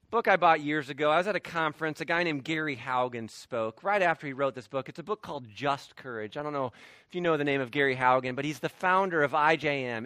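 Animated bright-voiced male pastor preaching. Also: dry recording. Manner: animated, swinging from loud emphatic peaks to quiet low asides. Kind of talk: sermon.

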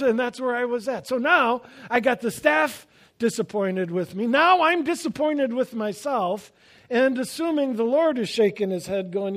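A man preaching a sermon, telling stories with self-deprecating humor and swinging between loud emphasis and quiet asides. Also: sits high, expressive, normal speed. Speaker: pastor.

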